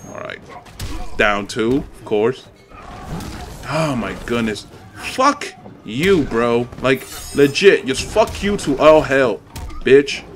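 A man's voice: medium pitch, animated, slow, faint music behind. Profane young man trash-talking over gameplay. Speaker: gaming channel host. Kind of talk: live gameplay commentary.

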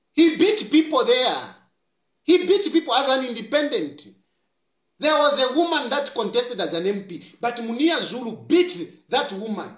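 A man's voice: extremely high pitch, fairly bright tone. A Zambian-accented man giving impassioned political commentary, scolding and repeating his points, switching between English and Bemba. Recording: roomy echo.

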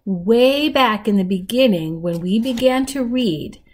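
A woman teacher reading a novel aloud to her students and pausing to explain details. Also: on the high side, animated, a little mellow. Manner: explanatory, guiding readers through details.

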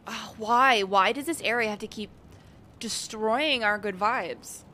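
A woman commenting on a game while she plays, chatty and giggly as she greets her viewers. Her delivery is unhurried and drawn out. Her voice is bright and forward, with a faint hum of noise behind it. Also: on the high side. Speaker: game streamer. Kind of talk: casual let's-play commentary.

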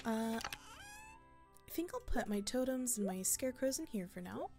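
A woman's voice: high-pitched, huge pitch swings, unhurried, slightly rough, faint music behind. A woman giving casual gameplay commentary as a let's play creator, rambling and thinking aloud with frequent laughs. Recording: loud mouse and keyboard clicks.

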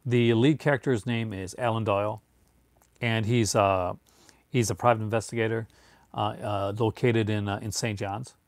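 A man's voice: lowish voice, steady tone, normal speed, no echo. Rambling Newfoundland man, dry close sound. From Newfoundland, Canada. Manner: chatty and rambling, drifting between tangents. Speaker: streamer answering viewer chat. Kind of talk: casual live-stream chat.

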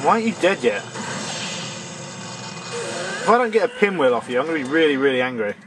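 A man's voice: a little high, very animated, quick pace, over music. A young man doing gameplay commentary, grumbling in exasperation and scolding the enemies on screen. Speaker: let's play gamer.

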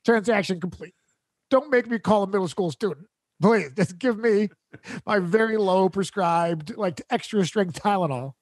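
A man's voice: sits high, moderate pace, no room sound, clean studio sound. A man hosting a comedy podcast, telling a rambling, exasperated story with laughs mixed into his sentences.

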